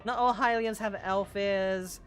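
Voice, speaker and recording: A woman streaming a video game live, chatting casually, swearing often and breaking into loud outbursts. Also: mid-range voice, steady tone, a little slow, faint music behind. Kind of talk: casual live gameplay commentary.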